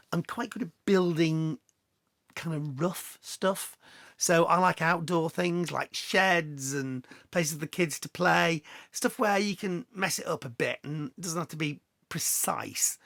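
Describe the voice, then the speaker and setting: A man's voice: on the high side, creaky, a bit bright, no room sound, clean studio sound. A middle-aged man chatting casually as he answers viewer questions, telling anecdotes with self-deprecating humor. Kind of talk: casual Q&A chat.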